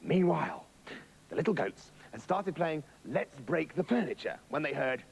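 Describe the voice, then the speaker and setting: A man's voice: fairly high pitch, sing-song, normal speed, gravelly, darkish tone, a little hiss or hum, poor audio. A man telling a comic children's story, gleeful and anarchic. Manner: gleeful and anarchic, jumping between voices. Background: music.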